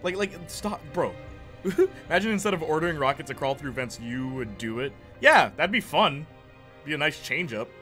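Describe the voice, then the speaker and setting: Young guy rambling thru a game stream, chatty, laughs a lot, game music loud behind him. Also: on the high side, expressive, moderate pace. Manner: rambling, chatty, reacting to chat, laughs often. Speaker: gaming streamer. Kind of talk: casual chat while playing.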